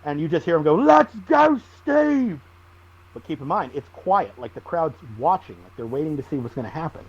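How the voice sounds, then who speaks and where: A man, a wrestling guest on a podcast, telling stories in a lively, animated way. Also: fairly high pitch, fast talker, breathy edge, muffled recording. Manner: animated storyteller, acts out shouted quotes. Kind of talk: casual storytelling interview.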